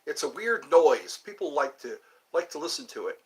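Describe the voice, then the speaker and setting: A man hosting a casual livestream, rambling and answering viewer comments with halting fillers. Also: a little high, big pitch swings, music in the background. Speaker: livestream host. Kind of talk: casual live chat with viewers.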